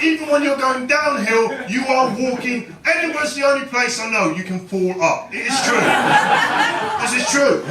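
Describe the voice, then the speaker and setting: A man's voice: very high-pitched, distant mic. A man doing a stand-up comedy set, chatting and bantering with the crowd. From London. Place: comedy club stage. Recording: roomy live club sound with crowd. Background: audience laughing and clapping.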